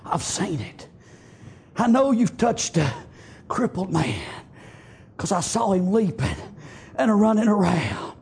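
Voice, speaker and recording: A man's voice: high-pitched, big pitch swings, a little slow, vocal fry, pauses often, darkish tone, husky, exaggerated voice. A man voicing a desperate old male leper inside his sermon, begging and crying out "Lord" again and again. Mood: pleading. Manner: begging, repeating "Lord" and "I'm unclean".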